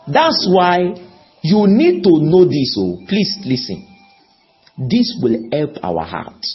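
A man's voice: a little high, very animated, faint music behind. A man preaching a sermon, emphatic and pleading, often putting questions to his listeners. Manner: emphatic, slow, pleading, asks the audience questions. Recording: dull lo-fi recording.

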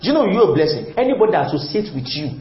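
A man's voice: high-pitched, sing-song, rapid-fire. A man preaching a sermon, emphatic and repetitive, questioning the congregation and waiting for replies. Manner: call-and-response, asks the congregation questions; emphatic, repeats phrases. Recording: echoey, slightly muffled, faint room noise.

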